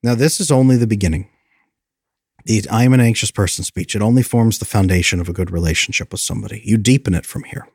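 A man coaching viewers on friendship in an emphatic, lively way, often acting out the lines he quotes. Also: fairly low pitch, fast, husky, dry recording, clean studio sound. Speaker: attachment coach. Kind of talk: motivational talk to viewers.

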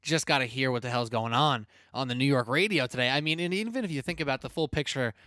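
A man hosting a sports podcast, energetic, blunt and chatty. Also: medium pitch, quick pace, dry recording, clean studio sound. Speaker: podcast host. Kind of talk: casual sports podcast talk.

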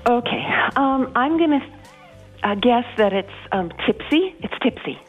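A woman's voice: fairly high pitch, expressive, a little slow, narrow, tinny audio, faint music behind. A woman in her thirties, a game guest, hesitating with many ums. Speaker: guest contestant.

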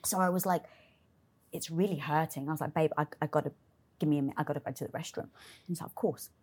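Husky woman telling a candid story. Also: low voice, fast talker. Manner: expressive, swears freely, acts out her own inner dialogue. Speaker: interview guest.

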